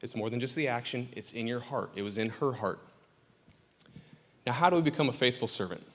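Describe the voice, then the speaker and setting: A man's voice: mid-range voice, brisk, fairly bright tone. Joking man preaching in an echoing church. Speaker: pastor. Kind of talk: casual sermon. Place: church sanctuary. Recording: church hall reverb.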